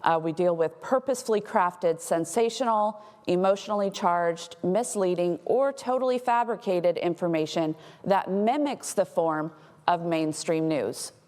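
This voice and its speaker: A woman from Texas giving a conference talk as a threat intelligence analyst, explaining in a clear way with light humor. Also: on the low side, unhurried, a little mellow. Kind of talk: conference presentation. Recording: long hall reverb.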